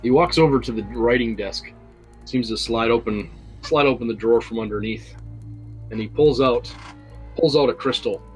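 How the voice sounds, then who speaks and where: A man's voice: medium pitch, moderate pace, faint music behind, low-quality recording. Hesitant male game master. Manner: rambling, hesitant, with many fillers. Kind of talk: narrating a tabletop game.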